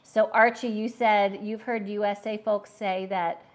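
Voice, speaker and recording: A woman's voice: medium pitch, level tone, measured pace. A middle-aged American woman hosting a casual cooking livestream from her home kitchen, chatting with viewers as she chops. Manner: chatty, answers viewer comments while cooking. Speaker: cooking channel host.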